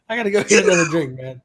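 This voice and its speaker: A man's voice: high-pitched, a bit bright, slightly rough. A man hosting a casual chat, rambling and profane, often restarting his sentences. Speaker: host.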